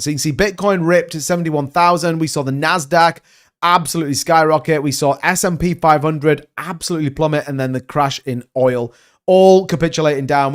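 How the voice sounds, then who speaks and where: A man giving casual crypto market commentary, animated and emphatic, rambling from point to point. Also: on the high side.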